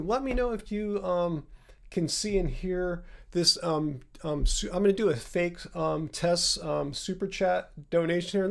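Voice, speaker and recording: A man's voice: high-pitched, vocal fry. A man hosting a casual livestream, rambling loosely with lots of ums and chatty asides. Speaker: livestream host. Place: home room with laptop.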